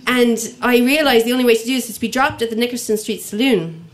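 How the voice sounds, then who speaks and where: A woman telling a funny personal story to an audience, lively and acting out the voices of people in it. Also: on the high side, fast talker. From Ireland. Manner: lively comic delivery, acts out quoted voices.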